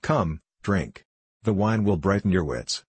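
A man's voice: deep voice, animated, a little slow, husky, dry recording, heavily acted. A man reading the part of a cruel, mocking fat king in an audiobook, with a blustering, commanding manner.

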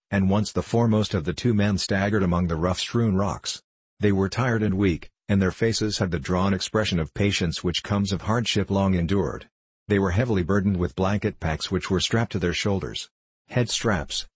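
A man narrating a story in a measured, even storytelling manner. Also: sits low, slightly rough, no room sound. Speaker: audiobook narrator. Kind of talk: scripted narration.

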